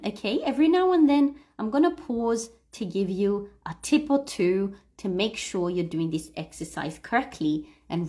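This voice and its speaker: A woman teaching English in a livestream, coaching listeners to read aloud and repeat, stressing key words slowly and clearly. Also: mid-range voice, a little mellow.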